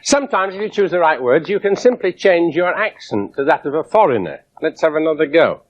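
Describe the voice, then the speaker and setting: Wry English lecturer, dull 1970s tape. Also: male voice, fairly high pitch, brisk. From England. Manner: lively, wry demonstrating with audience. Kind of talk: public science lecture. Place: lecture theatre with audience. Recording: dull 1970s broadcast recording.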